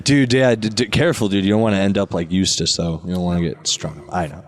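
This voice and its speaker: A man's voice: deep voice, steady tone, slight background noise. A man hosting a comedy podcast, riffing and joking in casual banter. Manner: joking, riffing, quick to laugh. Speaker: podcast host.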